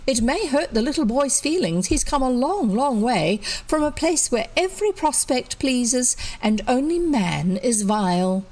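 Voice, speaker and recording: A woman's voice: high voice, animated, measured pace, few pauses, darkish tone, voice pushed up, exaggerated voice. A woman reading aloud, voicing a prim mother scolding her child. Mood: reproving.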